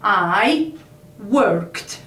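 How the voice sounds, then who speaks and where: A woman teaching a language lesson, explaining slowly and repeating each word several times. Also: medium pitch, lively intonation, pushed and bright, distant mic, slight background noise. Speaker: Arabic teacher. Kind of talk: slow classroom explanation at a board. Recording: echoey room, voice from off-mic.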